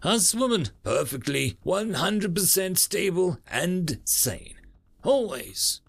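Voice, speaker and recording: A man voicing a young female Marine who talks in a wry, teasing way, pitched higher than his own voice. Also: lively intonation, normal speed, a bit bright.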